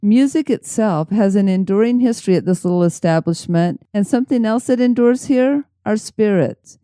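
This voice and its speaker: Woman co-host with a warm, mellow voice. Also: mid-range voice, animated, normal speed, smooth, no room sound, clean studio sound. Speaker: podcast co-host. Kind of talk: scripted narration.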